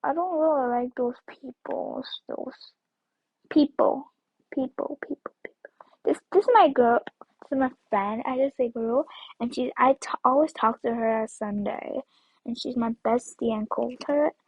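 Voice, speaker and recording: A woman's voice: high-pitched, moderate pace, breathy edge, no echo. A woman giving casual gameplay commentary as a video creator, rambling and repeating words, with sudden squeals and whispers. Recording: dull lo-fi recording.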